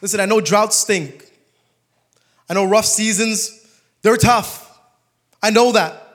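A young man preaching a sermon, telling stories with humor and turning soft and emotional. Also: sits high, slow pace.

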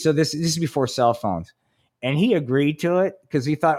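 A man's voice: medium pitch, animated, fairly quick. A man in his fifties, a podcast co-host telling rambling, profane stories in casual chat and acting out quotes in a raised voice. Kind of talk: casual storytelling.

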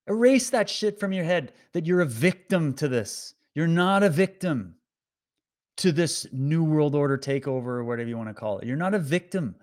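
An online commentator with a mid-range, somewhat mellow voice delivers an impassioned, preachy motivational monologue. He urges and exhorts his audience, rising to emphatic peaks.

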